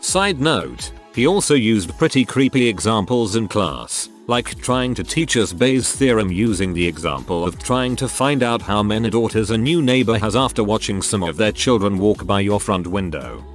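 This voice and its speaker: A man with a lower voice narrates a run of anonymous stories in a scripted read-aloud style. His intonation swings widely and expressively, and he now and then trips over a word. Soft music sits faintly underneath. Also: animated, moderate pace, hardly any pauses.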